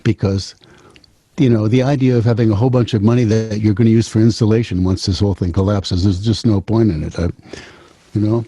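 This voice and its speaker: Older guy, 70s, rambling storyteller, dark husky voice, dry close sound. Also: fairly low pitch, steady tone, a little fast, no room sound. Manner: loose, repeats and restarts phrases. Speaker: host.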